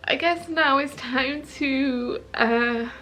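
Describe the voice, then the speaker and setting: A woman's voice: sits high, slow pace, bright, forceful tone, slight background noise. A woman sharing a personal vlog in a hesitant, earnest way, often searching for her words. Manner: earnest and heartfelt. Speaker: vlogger.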